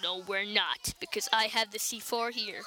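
A woman's voice: medium pitch, steady tone, moderate pace, sharp tone, poor audio. A woman hosting an improvised homemade comedy show, rambling with many fillers as she plays out a silly adventure. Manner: rambling, full of fillers, switching between silly voices. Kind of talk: improvised solo comedy play. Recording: background noise with clicks.

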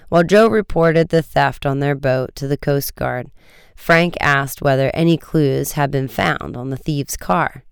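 A man narrating a storybook chapter in a steady, measured reading. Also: mid-range voice, vocal fry, smooth, dry recording, clean studio sound. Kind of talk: audiobook reading.

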